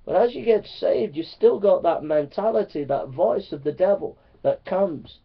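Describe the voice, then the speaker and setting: Male preacher, higher voice, earnest, repetitive build-ups, dull lo-fi recording. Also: animated, moderate pace, creaky, breathy edge. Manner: earnest, repetitive, swinging from loud to hushed. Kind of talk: sermon to preachers.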